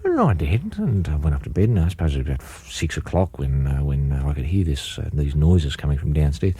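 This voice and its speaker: Brief: middle-aged man, very low husky voice, deadpan rambling storyteller, lively swings in pitch. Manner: rambling, halting, full of restarts. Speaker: comedy radio host.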